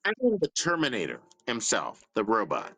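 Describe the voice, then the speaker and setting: A man guest on a casual live stream, talking in a drawn-out, tipsy, repetitive way. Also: on the low side, wildly swooping pitch, bright, forceful tone, slightly rough. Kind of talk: casual stoned stream chat.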